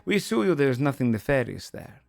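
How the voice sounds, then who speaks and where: A shrewd, merchant-minded councilwoman in a tabletop game, persuasive and patient, pitched well above the performer's own voice, as the game master plays her. The sound is dry and close. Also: sing-song, quick pace, gravelly, no room sound, faint music behind. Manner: persuasive, explanatory.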